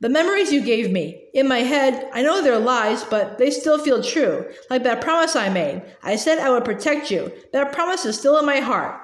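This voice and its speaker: A woman's voice: high-pitched, very animated, moderate pace, hardly any pauses, echoey room. A woman voicing an earnest, kind-hearted teenage boy hero while reading a storybook aloud.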